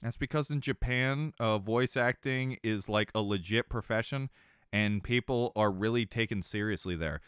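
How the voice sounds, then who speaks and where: A man streaming a game, chatting casually, excitable and swearing, jumping into shouts and tangents. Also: fairly low pitch, moderate pace, smooth, no echo, clean studio sound. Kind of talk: let's play commentary.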